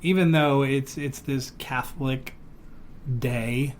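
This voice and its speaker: A man hosting a casual podcast, with a pitch that sits in the middle. He talks in an animated, joking way and slips into silly voices now and then. A faint hiss of noise sits behind him. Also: slow. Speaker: podcast host. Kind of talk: casual chat.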